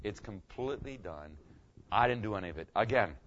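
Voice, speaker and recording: A man's voice: lowish voice, expressive, fairly quick, fairly bright tone, a little hiss or hum. A middle-aged man preaching a sermon to his congregation in a church, talking conversationally, repeating phrases and asking the listeners questions. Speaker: pastor. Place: church sanctuary. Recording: dull lo-fi recording.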